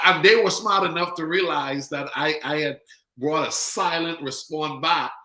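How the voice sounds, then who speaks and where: A middle-aged Bahamian man hosts a casual podcast, telling animated stories and repeating words to drive each point home. His voice sits a little high and rings bright. The sound carries a roomy echo. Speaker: podcast host. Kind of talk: casual faith podcast chat.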